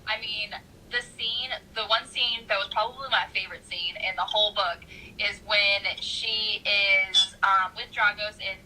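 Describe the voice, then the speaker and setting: A woman in casual book chat who is animated, laughs often and acts out her own reactions, with a husky voice. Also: medium pitch, a little slow, a little hiss or hum, rough recording. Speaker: book discussion co-host.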